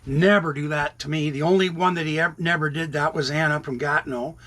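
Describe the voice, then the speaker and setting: A man's voice: fairly high pitch, fairly even intonation, fairly quick, pushed and bright. A man in his sixties chatting casually in a rambling way while cooking in his RV kitchen, talking to his cats now and then. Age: 60s. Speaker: RV vlogger. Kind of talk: casual cooking vlog chat.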